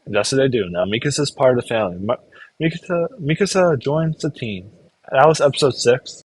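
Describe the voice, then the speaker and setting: A man's voice: medium pitch, lively intonation, slightly rough, no room sound, low-quality recording. A young man casually recapping an anime, rambling and briefly acting out the characters. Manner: rambling, acts out characters in quick put-on voices. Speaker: anime reviewer.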